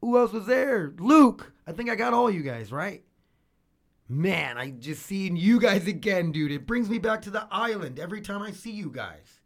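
A man's voice: high voice, expressive, normal speed. A man talking casually at home in a rambling way, swearing freely, with a washer running nearby. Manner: rambling, swears freely, repeats words and restarts. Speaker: vlogger. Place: home room with laundry machine running.

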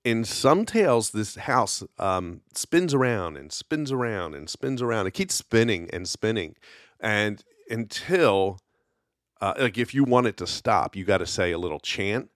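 A man's voice: fairly low pitch, lively intonation, a little slow, fairly bright tone, no echo, studio quality. A man hosting a casual solo podcast, telling folklore in a rambling, conversational way with lots of fillers. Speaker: podcast host.

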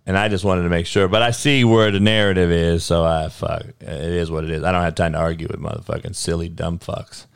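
A man's voice: sits low, little pitch movement, fairly quick, creaky, hardly any pauses, clean tone, dry recording, studio quality. A man hosting a livestream, talking to his chat in a heated, profane way, firing off rhetorical questions and often stumbling over restarts. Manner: frequent restarts and stammered repeats. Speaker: livestream host. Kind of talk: casual livestream talk answering chat.

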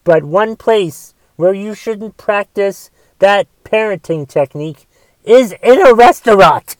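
A man's voice: sits high, slow pace, a little mellow, no echo. A man delivering a solo rant, exasperated and swearing often as he talks. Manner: profane, exasperated ranting with restarts.

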